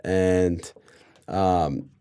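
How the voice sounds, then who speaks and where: Low-voiced young man from Colorado. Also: steady tone, very slow, warm tone, clear, resonant tone. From Colorado, USA. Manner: loose, sarcastic, heavy use of "like". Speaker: podcast guest. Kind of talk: casual storytelling.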